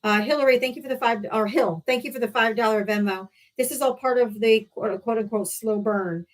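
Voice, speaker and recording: A woman's voice: fairly high pitch, brisk, rough recording. A woman hosting a live talk stream in a casual, blunt way, swearing freely. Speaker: livestream host.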